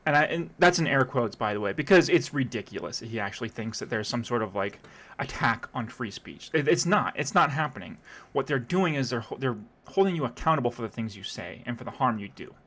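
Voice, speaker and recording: A man at an ordinary pitch reacts to a video in casual, sarcastic commentary. He rambles and keeps breaking off to restart his sentences. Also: expressive, a little fast, a bit bright.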